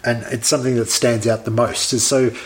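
A man's voice: mid-range voice, flat delivery, brisk. A man with a mid-range voice, talking casually and recounting scenes with amused asides. He sounds easygoing and chatty, like a podcast co-host reviewing a film with a friend.

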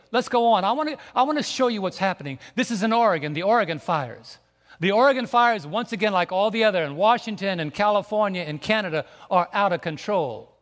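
High-voiced preacher in a reverberant hall. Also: male voice, a bit bright. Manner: emphatic, repetitive preaching with restarts. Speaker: pastor. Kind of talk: sermon with slides. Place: church sanctuary.

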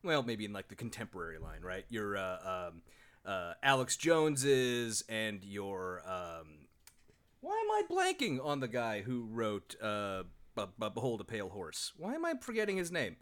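Animated, rambling man podcast co-host. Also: fairly low pitch, moderate pace. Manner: rambling, animated, loses track of names. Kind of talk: casual comedic book discussion.

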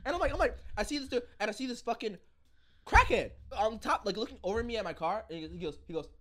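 A man's voice: high voice, fast talker. A man telling a story in casual podcast chat, swearing freely and acting out the scenes as he goes. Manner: swearing, excitable storyteller who acts out scenes. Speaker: podcast co-host.

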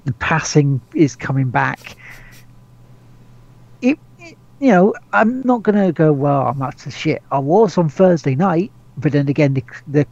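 Man, gravelly voice, a bit high, casual gaming podcast chat, stumbles and repeats words, lo-fi sound. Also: expressive, measured pace, pauses often, a little mellow. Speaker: podcast co-host.

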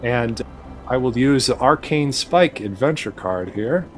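A man playing a tabletop role-playing game, talking through his character's actions in a measured way. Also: mid-range voice, lively intonation, soft background music. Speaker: player. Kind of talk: tabletop role-play session.

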